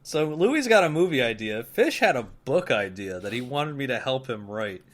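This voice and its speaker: A man's voice: medium pitch, normal speed. A young man co-hosting a casual podcast chat, ranting about old grievances and laughing often. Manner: animated, laughs a lot, rants about grievances. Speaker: podcast co-host.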